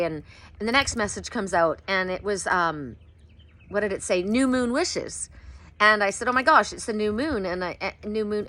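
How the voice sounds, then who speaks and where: A middle-aged woman reading oracle cards who talks outdoors in a casual vlog and keeps breaking into high, excited exclamations as she retells her sessions. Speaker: oracle card reader.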